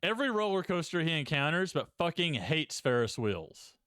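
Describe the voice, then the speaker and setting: A man's voice: on the high side, big pitch swings, moderate pace, a bit bright, dry recording. A man co-hosting a podcast, chatting casually and poking fun at himself with frequent laughs. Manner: laughs often, self-mocking. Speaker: podcast co-host. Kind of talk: casual chat.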